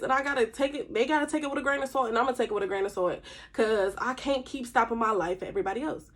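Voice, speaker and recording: A woman's voice: fairly high pitch, fast talker. A woman, talking candidly and emphatically to camera in a casual vlog monologue. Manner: candid, emphatic, conversational with slang. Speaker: vlogger.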